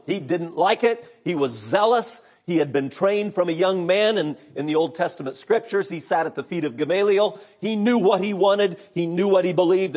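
Earnest male preacher delivering a sermon. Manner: swings from loud emphatic passages to hushed, low storytelling; earnest, preacherly retelling of scripture. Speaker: pastor.

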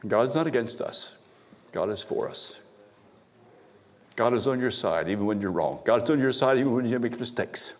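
A man's voice: mid-range voice, animated, quick pace, hardly any pauses. A man, a pastor, preaching a sermon in a church, telling a personal story and repeating phrases for emphasis, with frequent restarts.

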